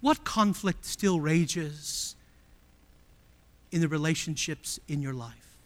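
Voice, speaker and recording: A male pastor preaching a sermon emphatically, with many rhetorical questions, swinging from loud appeals to hushed tones. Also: a little high, slow pace, in a large hall.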